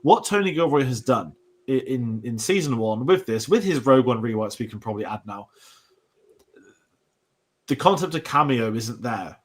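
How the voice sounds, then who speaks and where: A man's voice: medium pitch, lively intonation, normal speed. A young British man hosting a casual show discussion, rambling with restarts and asides. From Britain. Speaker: podcast host.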